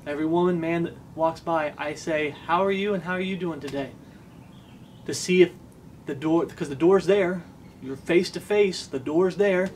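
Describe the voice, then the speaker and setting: Earnest preaching man, slightly high voice. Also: normal speed, darkish tone, slight background noise. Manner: earnest, emphatic, repeats lines for stress. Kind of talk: sermon.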